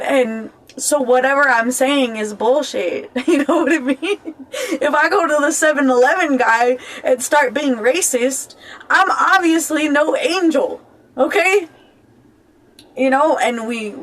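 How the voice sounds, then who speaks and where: A woman's voice: high voice, fairly bright tone, poor audio. A woman giving casual self-help advice to her viewers. She is blunt, swears freely, laughs often, and keeps checking in with "okay?". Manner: laughs often and jokes between points; talks straight to viewers as "y'all". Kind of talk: casual motivational talk.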